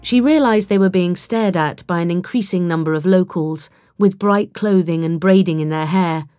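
A woman reading a science fiction story aloud in an even storytelling delivery. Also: on the low side, moderate pace, dry recording, clean studio sound, faint music behind. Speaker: audiobook narrator. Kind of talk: scripted narration.

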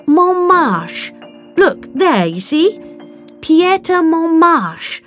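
Woman reading as Charlie, a pleading young woman, high-pitched. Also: very animated, extremely slow, faint music behind, heavily acted.

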